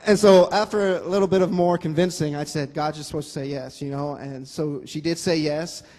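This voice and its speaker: A man's voice: a little high, brisk. A man with a slightly raised voice tells his testimony animatedly, throwing in jokes as he goes. His words ring with a long reverb through a church hall. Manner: animated, joking storyteller. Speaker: guest sharing his testimony. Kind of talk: personal testimony talk.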